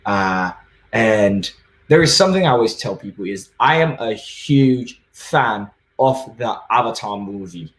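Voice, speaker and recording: A man from Nigeria giving a relaxed, easygoing tech talk at an online conference. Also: lowish voice, unhurried, echoey room. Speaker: conference speaker.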